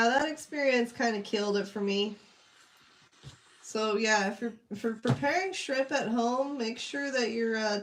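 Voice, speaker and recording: A woman's voice: fairly high pitch, slight background noise. A young woman chatting casually with her live-stream chat while she draws, greeting viewers and reading their comments. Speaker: streamer drawing requests.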